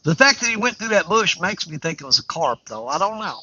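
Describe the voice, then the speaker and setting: An older man chats casually on a fishing livestream outdoors on a riverbank, folksy, rambling and candid. His high-pitched voice has lively intonation and a fairly quick pace with few pauses. The dull lo-fi livestream audio carries a noisy background.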